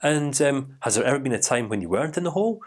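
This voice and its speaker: A man voicing a matter-of-fact male doctor who asks routine questions in a hurried way. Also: medium pitch, animated, natural voice. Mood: brisk.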